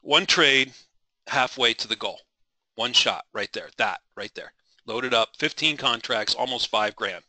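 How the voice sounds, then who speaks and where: A man's voice: mid-range voice, measured pace, pushed and bright, no echo, low-quality recording. A middle-aged man leading a live trading webinar, passionate and driven, rambling with frequent restarts and apologies.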